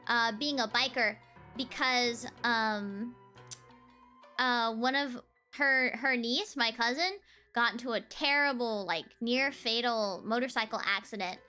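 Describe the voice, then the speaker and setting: A woman's voice: on the high side, sharp tone. A young woman, streaming and chatting casually, giggling often between phrases. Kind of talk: casual livestream chat.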